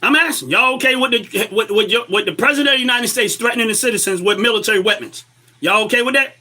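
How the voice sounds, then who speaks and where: Very high-voiced, sharp-toned man ranting. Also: fast talker. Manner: emphatic, rhetorical, lecturing an audience. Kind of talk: impassioned political commentary.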